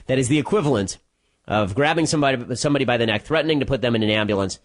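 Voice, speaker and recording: A man delivering a solo commentary monologue, telling a story quickly with restarts and sarcastic, mocking asides. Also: medium pitch. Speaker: political commentator.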